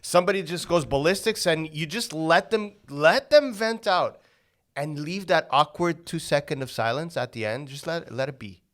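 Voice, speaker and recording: A man hosting a podcast in casual chat, talking in a calm, agreeable, measured way. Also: a little high.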